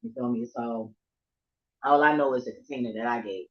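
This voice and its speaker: A woman vlogger telling a story to her viewers in a casual, profane rant, laughing often and swinging from low murmurs to near shouts. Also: a little fast, highs cut off.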